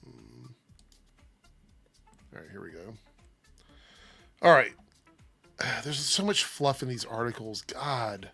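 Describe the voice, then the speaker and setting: A man's voice: medium pitch, slow pace, gravelly, long pauses, slightly rough, no echo, faint music behind. A man co-hosting a casual livestream, reading an article aloud and breaking off with his own opinions. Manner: animated, reads articles aloud with asides. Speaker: co-host reading news.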